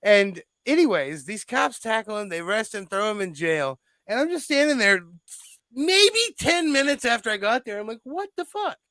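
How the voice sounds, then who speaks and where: High-voiced young man telling a wild story. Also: normal speed, no echo, clean studio sound. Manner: animated storyteller, swears freely, jumps into quoted voices. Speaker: podcast co-host. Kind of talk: casual storytelling chat.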